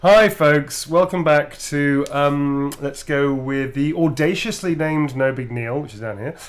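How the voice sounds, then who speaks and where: A man's voice: on the high side, unhurried. Playful man hosting a live stream. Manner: playful, improvising, self-mocking. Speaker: host of an autograph stream. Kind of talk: casual live-stream chat.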